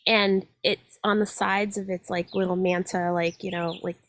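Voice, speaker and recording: Woman in her 40s, chatty interview guest, animated storyteller, slight vocal fry, faint background hiss. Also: on the low side, moderate pace. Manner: animated, frequent fillers. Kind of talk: casual storytelling chat.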